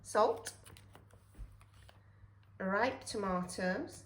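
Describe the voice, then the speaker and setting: A woman's voice: medium pitch, very slow, echoey room, a little hiss or hum. A woman co-hosting a casual home cooking vlog, teasing and playful as she goes through the ingredients.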